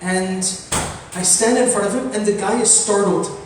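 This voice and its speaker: A man's voice: sits high, steady tone, normal speed, noisy background. A man giving a sermon-style talk as an imam, an earnest storyteller who builds to impassioned appeals. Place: large mosque hall. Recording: very echoey hall from far off.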